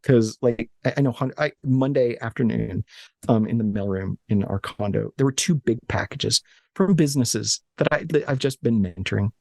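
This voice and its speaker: A man in his late thirties from Alabama, a guest telling animated, joking stories from his office with frequent restarts. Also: mid-range voice, vocal fry, slightly rough, no room sound, clean studio sound. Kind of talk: casual interview chat.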